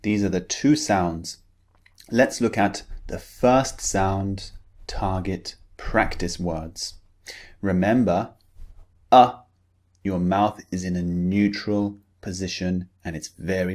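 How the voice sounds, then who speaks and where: A man teaching pronunciation, enunciating each model word with slow, careful deliberation. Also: sits low, a little mellow.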